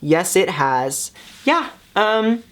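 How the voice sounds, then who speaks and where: A man's voice: sits high, very animated, drawn-out words, fairly bright tone. A young man talking casually to his camera as a YouTuber, hesitant and full of fillers, keeping an upbeat tone on purpose. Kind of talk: casual vlog talk.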